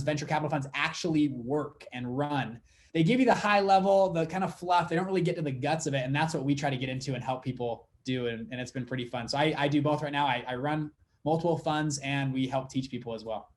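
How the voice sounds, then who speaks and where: A young man, a fund manager guest, telling a story in a casual interview and acting out the dialogue as he goes. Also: a little high.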